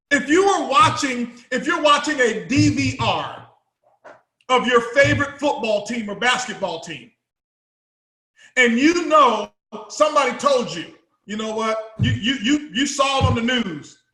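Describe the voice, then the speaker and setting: A man's voice: very high voice, pushed and bright, echoey room. A man giving an emphatic, repetitive motivational talk to an audience as a company chief executive. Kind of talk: motivational speech.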